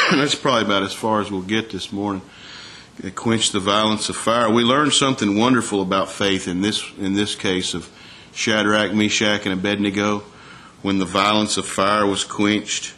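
Male preacher, lower voice, chatty sermon style, rhetorical questions, slows down to read scripture. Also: steady tone, sharp tone. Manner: reads scripture aloud in a slower, raised voice.

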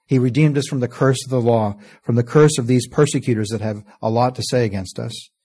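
A man delivers an earnest sermon in a warm, mellow voice of middle pitch. He slows to stress each word when reading scripture and lets his phrase ends sink low and quiet. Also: steady tone, husky. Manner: earnest, often trailing off softly at phrase ends; reads scripture in slow, stressed King James cadence. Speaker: preacher.

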